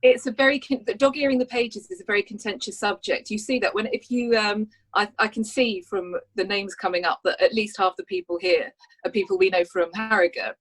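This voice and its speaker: A woman's voice: medium pitch, steady tone, fairly quick, rough recording. A woman, a crime writer, chatting on an online panel, self-mocking and asking the others questions. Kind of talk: casual online panel chat. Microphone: video call.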